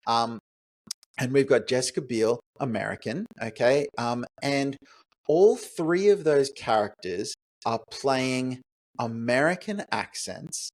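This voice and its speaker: Animated man riffing on a movie. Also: medium pitch, takes it slowly. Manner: animated, rhetorical, thinks aloud with fillers. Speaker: podcast co-host. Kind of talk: casual movie review chat.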